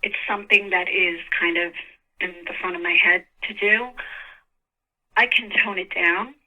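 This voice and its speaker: A woman's voice: on the low side, moderate pace, bright, forceful tone, dull audio. A woman with a New York accent, a guest actress talking casually in an interview and laughing often.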